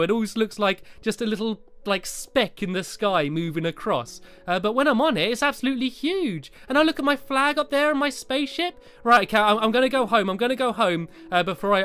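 A man's voice: high-pitched, a bit bright, clear, resonant tone, dry recording. A man narrating a Minecraft game in character, playful, with many stammered restarts and giggles. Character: cheerful cat character exploring the moon. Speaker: Minecraft let's play host.

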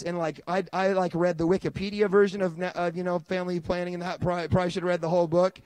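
Animated, high-voiced male preacher. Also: quick pace, few pauses, dry recording. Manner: animated storytelling with many restarts. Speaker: pastor. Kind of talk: sermon.

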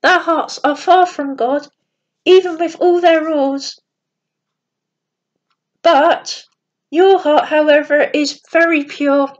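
A kindly male teacher figure from a bedtime storybook, speaking tenderly and with a high, light voice, as a woman reader puts him on. The sound is dull and lo-fi. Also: fairly even intonation, takes it slowly, pauses often. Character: kind gentle male Jesus, loving teacher. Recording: dull lo-fi recording.

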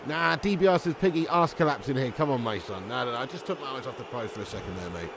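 Excitable man streaming a game. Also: medium pitch, fast, background noise. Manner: excitable, yells at the game, chats to viewers. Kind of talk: live gaming stream commentary.

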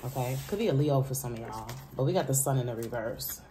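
A woman's voice: extremely low pitch, expressive, fast, noisy background. A woman doing a casual tarot reading, chatty and emphatic, who repeats her phrases, laughs between remarks and speaks straight to her viewers. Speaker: tarot reader.

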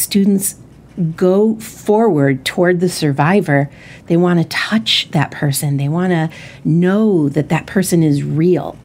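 A woman from a museum speaking in an interview clip with a measured, deliberate delivery. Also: fairly low pitch, darkish tone.

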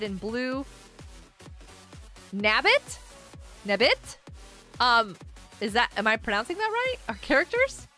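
A woman streaming a game live, chatting casually and reading messages from the chat aloud, with excitable outbursts. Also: on the high side.

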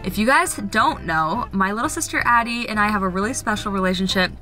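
A woman's voice: mid-range voice, expressive, fairly quick, sharp tone, faint music behind. A woman in her twenties hosting a family vlog, talking straight to camera in a gushing, upbeat way with lots of fillers. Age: 20s. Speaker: vlogger host. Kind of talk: casual vlog talk to camera.

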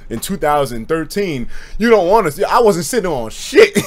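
A young man streaming, telling stories in a casual, animated way and laughing often. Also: fairly high pitch, normal speed. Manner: animated storytelling with frequent laughter and profanity.

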